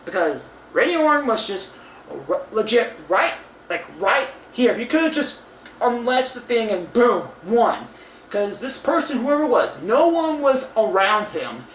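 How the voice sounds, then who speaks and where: A man's voice: very high-pitched, sing-song, measured pace, a bit bright. Young male reviewer, loose and profane, rambling with lots of restarts; roomy echo, sits off the mic with faint hiss. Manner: profane, ranting, many restarts and fillers. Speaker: wrestling show reviewer. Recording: echoey room, far from mic, faint hiss.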